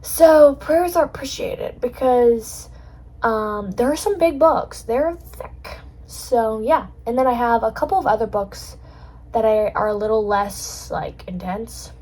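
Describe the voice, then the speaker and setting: Young woman, podcast host, casual solo chat, bubbly, rambling, fairly high voice, breathy. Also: a little slow, warm tone, poor audio. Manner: bubbly and rambling, with many fillers.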